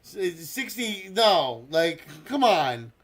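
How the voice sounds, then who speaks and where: A man's voice: high voice, big pitch swings, drawn-out words, a little hiss or hum. A man hosting a casual live stream, chatting with viewers and calling a duck race, swearing freely and quacking to cheer them on. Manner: quacks loudly to cheer races. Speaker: streamer hosting a community server.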